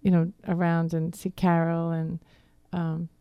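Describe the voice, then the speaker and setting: Middle-aged woman, Philly accent touched by Boston, rambling radio guest, smooth and dry. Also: fairly low pitch, monotone, a little slow, no echo, lo-fi sound. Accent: Philadelphia with some Boston. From Philadelphia area. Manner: rambling, friendly storytelling. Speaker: guest, divorce coach. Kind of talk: radio interview. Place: radio studio.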